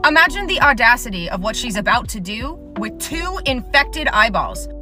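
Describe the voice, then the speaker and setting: A woman's voice: on the high side, sing-song, fairly quick, few pauses. Exasperated woman, storytime about work, sarcastic, music underneath. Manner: sarcastic, exasperated, swears casually. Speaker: retail worker telling a story. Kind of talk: casual storytime.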